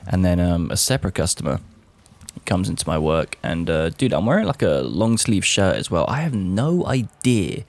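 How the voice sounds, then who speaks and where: Deep-voiced young guy, animated. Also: normal speed. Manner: animated, swears casually, says "bro" a lot. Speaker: vlogger. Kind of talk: casual monologue to camera.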